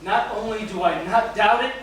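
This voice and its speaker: An actor on stage playing an exasperated bank official who blusters and bursts into shouts. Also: male voice, sits high, moderate pace. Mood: defensive. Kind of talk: live stage comedy acting. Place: small theater stage. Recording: echoey theater from far off, noisy.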